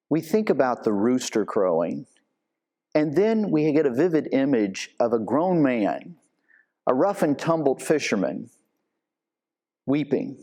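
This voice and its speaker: A man's voice: medium pitch, warm tone. Earnest man giving a devotional. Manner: earnest storytelling, acts out quoted lines. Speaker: church elder. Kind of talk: devotional talk.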